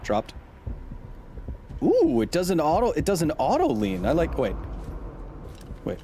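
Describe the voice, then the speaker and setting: A man's voice: on the high side, wildly swooping pitch, a little slow, slight background noise. A man in his thirties hosting a live gaming stream. He chats, explains science and reads out viewer messages. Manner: chatty, explains science, reads chat aloud; jumpy, yells when startled.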